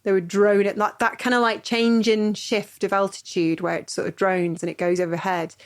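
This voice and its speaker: A woman's voice: medium pitch, flat delivery, moderate pace. A woman from England hosting a podcast in a casual, chatty and playful way, often breaking into giggles. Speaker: podcast host. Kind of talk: casual chat.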